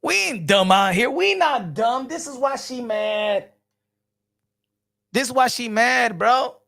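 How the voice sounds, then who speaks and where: High gravelly guy ranting about boxing, keeps repeating himself, calls everyone folks, laughs a lot. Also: slow. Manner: animated, repetitive, laughing often; slangy, addresses viewers as folks. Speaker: boxing commentary host. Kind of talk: casual reaction commentary.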